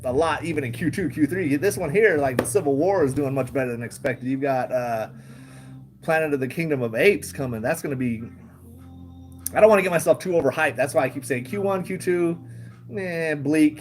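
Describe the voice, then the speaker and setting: A man's voice: a little high, brisk, faint music behind. A man hosting a casual livestream, rambling, chuckling often and swearing freely. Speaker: livestream host.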